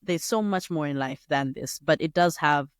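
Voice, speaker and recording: A woman's voice: moderate pace, clear, resonant tone, no room sound. Chatty young woman podcaster, dry sound. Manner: chatty and digressive, with sudden high-pitched jumps and laughs. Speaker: podcast host. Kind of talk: casual solo podcast monologue.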